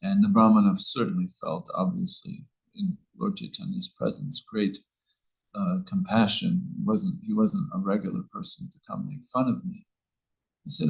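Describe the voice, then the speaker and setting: Gravelly low-voiced man telling a story. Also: animated, normal speed, low-quality recording. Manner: rambling storyteller with many restarts. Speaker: scripture class speaker. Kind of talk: informal scripture class.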